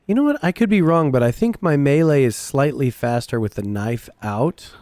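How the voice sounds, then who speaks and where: A man chatting while gaming, animated and joking, with crude humor. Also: mid-range voice, normal speed, no echo. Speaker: gamer. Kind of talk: casual chat while gaming.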